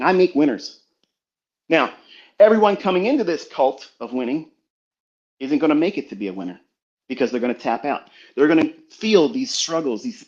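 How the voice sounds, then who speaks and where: A man's voice: a little high, darkish tone. Profane preachy man, muffled stream. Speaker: trading mentor. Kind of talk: motivational talk on a live audio stream. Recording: dull lo-fi online stream audio.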